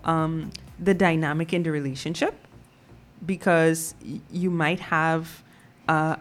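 A woman hosting a radio call-in show, musing thoughtfully with many fillers. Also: low-pitched. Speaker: radio talk show host.

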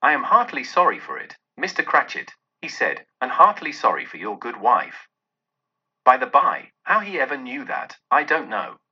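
A man reading Bob Cratchit, a gentle grieving father. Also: mid-range voice, very animated, moderate pace, slightly rough, muffled recording.

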